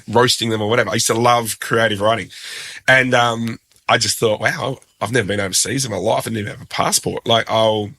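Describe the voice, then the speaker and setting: A man with an Australian accent, a guest telling a story in a casual, animated and self-deprecating way, acting out the quotes. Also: medium pitch.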